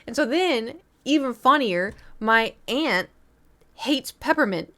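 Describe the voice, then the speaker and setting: A woman's voice: fairly high pitch, animated, unhurried, fairly bright tone. A young adult woman, a streamer, chatting casually and telling rambling stories full of fillers and restarts. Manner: rambling storytelling with lots of fillers. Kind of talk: casual chat on a live stream.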